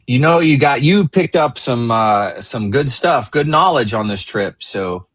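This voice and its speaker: A man hosts a casual evening chat with an earnest, caring delivery. His voice sits at a middle pitch and is recorded dry and close, with no room sound. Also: animated, unhurried, dry recording. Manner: warmly thanks guests, earnest sign-off. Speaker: host. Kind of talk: casual talk show hosting.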